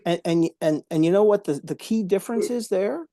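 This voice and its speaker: A man's voice: high voice, a little fast, warm tone, no room sound, studio quality. A man as a motivational speaker, telling stories in an interview in an earnest, emphatic way, often repeating words for effect. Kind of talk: storytelling in an interview.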